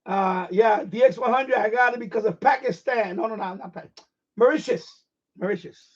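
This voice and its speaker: High-voiced man ranting with profanity. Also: a little fast. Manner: profane, emphatic, repeats phrases. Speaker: ham radio live streamer. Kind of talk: casual live-stream rant. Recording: dull lo-fi stream audio.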